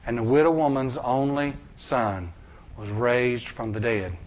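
A male preacher, telling a story in a sermon, acting out voices and swinging from loud bursts to hushed lines. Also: medium pitch, fairly even intonation, unhurried.

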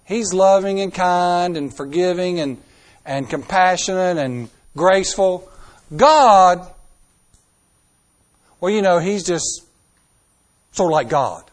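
A middle-aged man preaching a sermon. He talks emphatically, with dramatic swings in loudness and pace, and asks the congregation rhetorical questions. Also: sits high, takes it slowly, long pauses.

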